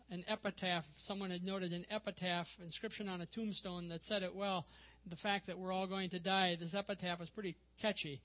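A man's voice: high-pitched, fairly bright tone. An older man preaching a sermon in an earnest, emphatic way, acting out the quoted voices in his text.

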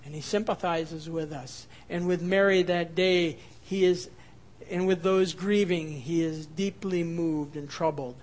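Male pastor, high-pitched, expressive sermon delivery shifting between hushed and emphatic. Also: measured pace.

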